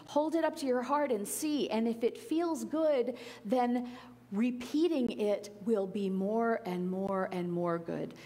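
A woman's voice: a little high, long reverb tail. A woman giving an earnest, conversational spiritual talk with playful asides. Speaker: spiritual teacher. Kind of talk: sermon-style talk.

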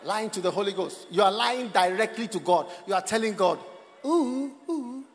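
A man preaching a sermon in a lively, mocking style that rises to shouts. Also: high-pitched, a little fast, big-room sound. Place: church service with live congregation. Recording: noisy live church recording with crowd. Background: congregation laughing.

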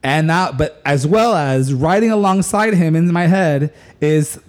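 A man on a podcast telling a story in a casual, animated way, full of "like" and casual swearing. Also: on the high side, a little slow. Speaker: podcast co-host.

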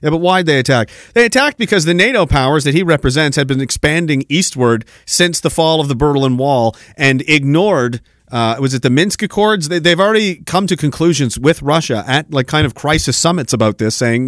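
A man's voice: a little high, lively intonation, brisk, hardly any pauses, a bit bright, no room sound, studio quality. A man hosting a podcast, delivering heated, sarcastic political commentary with plenty of swearing. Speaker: podcast host.

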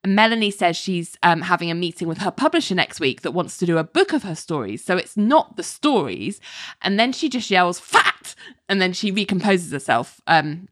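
A woman's voice: fairly low pitch, big pitch swings, a little fast, no room sound. Woman going over a tv episode, quotes the characters, voice bounces all over, dry close sound. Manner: chatty, retells scenes by quoting characters in light voices; laughs often while talking. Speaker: podcast co-host. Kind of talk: casual recap of a TV episode.

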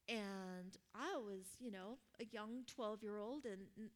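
Bright-voiced woman preacher in her fifties. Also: a little high, animated, unhurried, hardly any pauses. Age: 50s. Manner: warm storytelling with laughs and prayer. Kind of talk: sermon with personal story.

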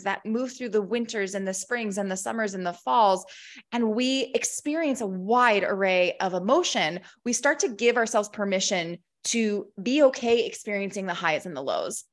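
A woman's voice: mid-range voice, moderate pace. A woman in her thirties giving an impassioned, emphatic motivational monologue as a coach, swearing freely. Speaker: women's empowerment coach.

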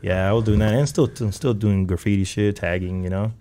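Podcast guest: man in his thirties from LA, slangy and quick to laugh. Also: lowish voice, mellow. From Los Angeles area. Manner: slangy street storytelling, laughs often. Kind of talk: casual chat.

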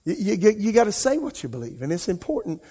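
A male pastor preaching an impassioned sermon, his voice rising and falling in loudness. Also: high-pitched, huge pitch swings, brisk, slightly rough. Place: church sanctuary. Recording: long reverb of a large church hall.

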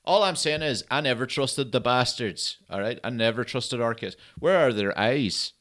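A man's voice: mid-range voice, animated, normal speed, fairly bright tone. A man, talking at home on a solo comedy podcast in rambling, sweary rants. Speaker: podcast host.

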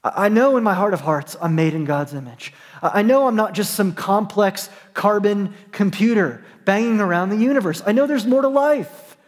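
A man's voice: sits high, moderate pace, few pauses, big-room sound. A man preaching a sermon as a pastor, earnest and emphatic, repeating and restarting his phrases.

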